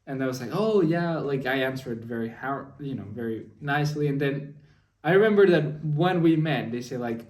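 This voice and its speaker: A man's voice: mid-range voice, lively intonation, moderate pace, a little mellow, distant mic. A young man telling a long story in a casual spoken diary, rambling with lots of fillers. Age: young adult. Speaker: vlogger. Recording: echoey room, off mic.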